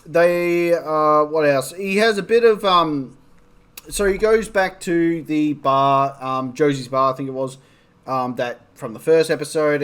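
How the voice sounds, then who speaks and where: A man's voice: a little high, bright, forceful tone, smooth. A young man casually reviewing a TV episode with a blocked nose, rambling with plenty of ums and likes and swearing freely. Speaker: TV show reviewer.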